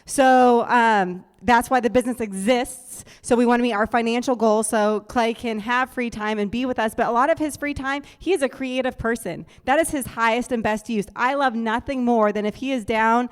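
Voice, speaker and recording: A woman speaks earnestly and steadily at a business conference, adding the odd filler as she explains. Her voice is smooth and clear, a little higher than most. It carries with a long reverb through a large hall. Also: fairly even intonation, normal speed, few pauses. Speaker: co-host, business partner.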